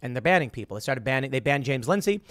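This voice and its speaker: A man's voice: medium pitch, fast talker, no echo, studio quality. A man hosting a political commentary show, talking in a monologue and acting out quoted voices. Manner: animated, acts out quoted voices. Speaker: host.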